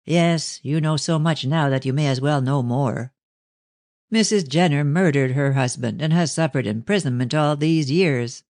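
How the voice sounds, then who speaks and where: A man's voice: a little high, a little mellow, no room sound, clean studio sound, close to an everyday voice. A man doing a stern old Victorian father. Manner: measured, ironic and stern. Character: stern older Victorian father, guarded and harsh. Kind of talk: audiobook reading of a novel.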